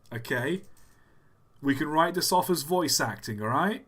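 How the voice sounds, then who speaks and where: Young man, bright animated voice, joking host of a laid-back stream. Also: mid-range voice, measured pace, breathy edge. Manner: chatty, joking, rambling with fillers. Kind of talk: casual livestream chat.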